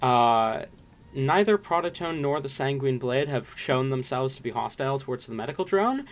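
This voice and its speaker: A man narrating as game master in a tabletop game, unhurried with many ums and uhs. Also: medium pitch, expressive.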